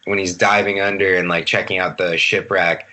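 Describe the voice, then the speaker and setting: A man's voice: low-pitched, little pitch movement, normal speed, bright, forceful tone, slight background noise. A man in his late twenties, a podcast guest chatting casually over a video call, laid-back and rambling, swearing freely. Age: 20s. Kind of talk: casual chat.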